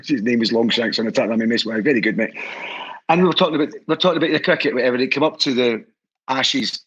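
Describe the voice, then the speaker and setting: A man's voice: medium pitch, quick pace, a bit bright, husky, highs cut off. A Scottish man, a guest who heads a historical society, telling stories in an enthusiastic, rambling way with many restarts. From Scotland. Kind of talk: casual storytelling chat.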